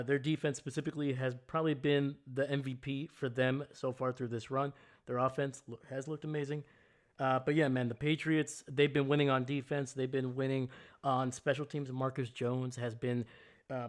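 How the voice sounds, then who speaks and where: A man hosting a casual football livestream, rambling through thoughts and chatting with viewers as he goes. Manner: rambling and chatty, greets chat loudly with pitch jumps. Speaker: livestream host. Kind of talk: casual live sports chat with viewers.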